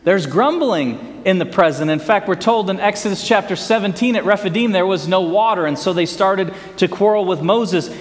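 A man preaching a sermon in an animated, folksy way, often asking his congregation questions. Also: high voice, moderate pace, few pauses. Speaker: pastor. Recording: long hall reverb.

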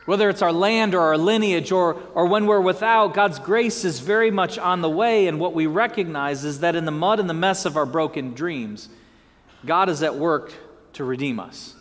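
A man's voice: on the high side, moderate pace, in a large hall. A man preaching a sermon as pastor, with joking asides and prompts for the congregation to repeat after him. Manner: lively, joking asides and call-and-response prompts.

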